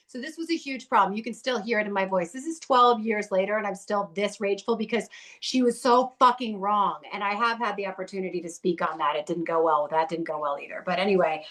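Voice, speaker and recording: A woman's voice: on the high side, brisk, fairly bright tone. A woman guest in her thirties or forties telling her own story in a blunt, heated way, swearing often. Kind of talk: candid conversational storytelling.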